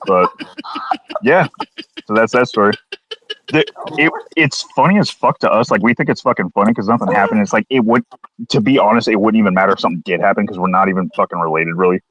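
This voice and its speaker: Fast-talking man telling a crude story. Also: fairly low pitch, a bit bright, slight background noise. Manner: crude, swears constantly, acts out quotes with voices. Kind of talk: casual storytelling chat.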